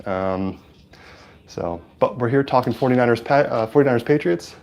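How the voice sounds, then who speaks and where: A man's voice: medium pitch, moderate pace, gravelly, a little mellow. Chatty man streaming a football game. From California. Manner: chatty, hesitant with many fillers, hyped at plays. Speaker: livestream host. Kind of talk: casual live-stream chat and game commentary. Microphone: lapel mic.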